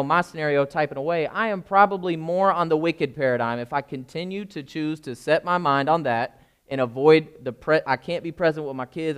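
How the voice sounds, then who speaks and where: A man's voice: fairly high pitch, a bit bright, smooth. A young adult man, a pastor, giving an informal sermon and often checking that his listeners are following. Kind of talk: conversational sermon.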